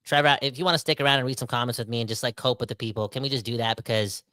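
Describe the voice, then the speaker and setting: Fast-talking, excitable man in his thirties. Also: mid-range voice, no echo. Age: 30s. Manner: excitable, exaggerated ranting. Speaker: podcast co-host. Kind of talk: emotional sports podcast chat.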